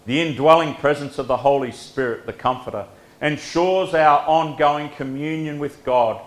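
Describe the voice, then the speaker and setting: A man preaching a devotional sermon in a gentle, earnest way, letting his phrases fall soft at the ends. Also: fairly high pitch, normal speed, roomy sound, rough recording.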